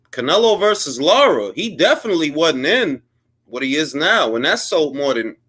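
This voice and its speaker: A man with a slightly high voice delivers blunt solo commentary in casual, slangy talk. He sounds heated and opinionated, and now and then mocks others by putting on their voices in quotes. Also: fairly bright tone. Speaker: boxing commentary host.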